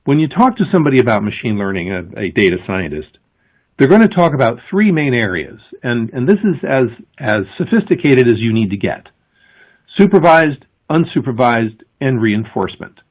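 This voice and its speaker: A conference speaker with a slightly husky voice explains things step by step, his pitch rising and falling in a lively way. He's emphatic and pauses before key words, and the audio is thin and lo-fi, like a phone line.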